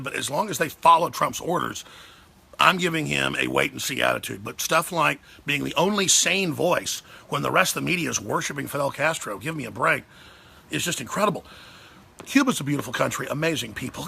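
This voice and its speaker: A man hosting a talk show, delivering a heated, sarcastic political rant with big swings in pitch and pace. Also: creaky, bright, forceful tone, breathy edge.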